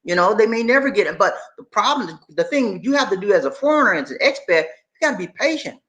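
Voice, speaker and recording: A man's voice: high voice, sing-song, quick pace, pushed and bright. A middle-aged man co-hosting a casual live stream, reading viewer comments and talking straight to the audience in an emphatic, repetitive way.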